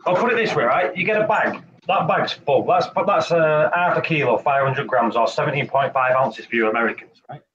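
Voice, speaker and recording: A man's voice: mid-range voice, fairly quick, few pauses, fairly bright tone. A man hosting a casual live stream, chatty and repetitive, explaining each step as he demonstrates. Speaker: reef-keeping show host. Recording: slightly muffled live-stream audio, faint hiss.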